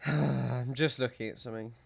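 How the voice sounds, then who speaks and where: A man's voice: medium pitch, steady tone, moderate pace, gravelly, no room sound. A young man from Southwest England who streams, giving casual, joking, rambling commentary.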